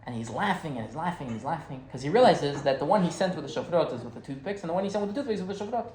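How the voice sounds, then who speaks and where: A man's voice: fairly high pitch, expressive, rapid-fire, a little mellow. Man teaching in an echoey room. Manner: conversational, keeps checking in with "right?". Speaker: rabbi teaching a class. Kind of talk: informal teaching with storytelling. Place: classroom with listeners present. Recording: roomy echo, faint background hum.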